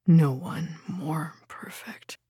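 A woman voicing a brooding young male lover in a storybook, speaking in a low hushed whisper. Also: flat delivery, moderate pace, creaky, husky, no room sound, clean studio sound. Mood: tender.

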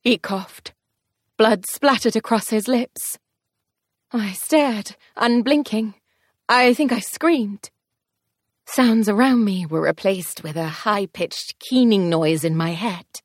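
Woman narrating a dark fantasy tale. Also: mid-range voice, takes it slowly, no echo, studio quality. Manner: expressive, tense storytelling pace shifts. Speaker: audiobook narrator. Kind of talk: first-person dramatic fantasy narration.

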